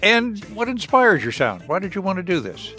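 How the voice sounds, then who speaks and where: A man's voice: high-pitched, very animated, normal speed, sharp tone, soft background music. A man hosting a radio interview, asking questions in a playful and engaging way. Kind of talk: broadcast interview.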